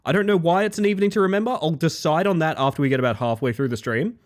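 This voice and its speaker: A man streaming live, chatting casually with viewers. He is excitable, swears and laughs often, and swings between loud outbursts and soft low asides. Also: very fast.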